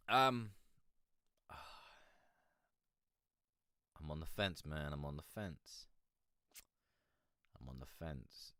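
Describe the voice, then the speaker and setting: A man's voice: a bass voice, big pitch swings, very slow, pauses often, bright, forceful tone, clear, resonant tone, dry recording, clean studio sound. A man hosting a live music-review stream, rambling and hesitant as he gives casual feedback, sleepy and yawning, swearing now and then. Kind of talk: casual livestream commentary.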